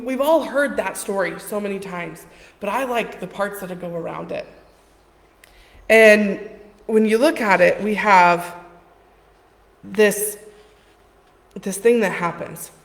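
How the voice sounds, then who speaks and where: Woman preaching in an echoey hall. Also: mid-range voice. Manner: conversational, storytelling with quoted voices. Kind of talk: informal sermon. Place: church hall. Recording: echoey hall with long reverb.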